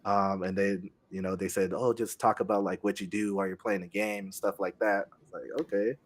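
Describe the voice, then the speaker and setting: A young man chatting casually as a guest on a streaming podcast, speaking haltingly with many pauses and restarts. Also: deep voice, level tone. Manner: halting, many fillers and restarts, soft-spoken.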